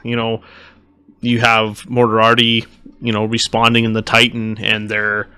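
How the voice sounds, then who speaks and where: Bright-voiced man in casual book chat. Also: fairly low pitch, measured pace, clean tone, no echo. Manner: animated, acts out characters' reactions. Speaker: podcast co-host.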